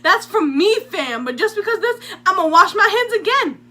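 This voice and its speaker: A woman's voice: extremely high pitch, very animated, pitched above the performer's own voice, heavily acted. Bob, a woman doing a brash slangy young guy. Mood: indignant. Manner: loud, drawn-out street slang.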